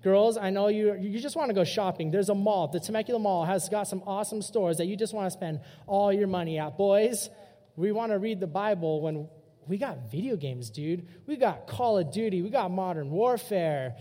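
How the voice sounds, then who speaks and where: Young man, youth preacher, high voice, mellow tone, long hall reverb. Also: moderate pace. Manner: casual, animated storytelling. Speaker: youth pastor. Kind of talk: youth sermon.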